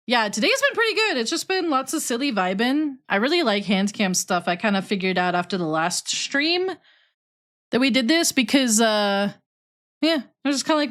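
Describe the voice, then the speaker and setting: A woman's voice: fairly high pitch, animated, moderate pace, fairly bright tone. A young woman streaming, chatting casually while she builds and talking to her cat in a cutesy voice.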